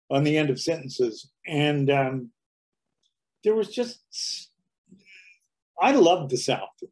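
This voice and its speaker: A man's voice: a little high, big pitch swings, slow pace, long pauses, a little mellow. A man in his seventies, a guest comedian telling anecdotes in a casual interview, slipping into dialect impressions. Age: 70s.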